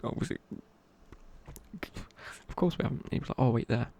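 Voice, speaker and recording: Young guy, whispered ASMR chat, raspy breathy whisper, loose and chatty. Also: mid-range voice, moderate pace, dark tone, highs cut off. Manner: rambling, casual, many fillers and restarts. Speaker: ASMR creator.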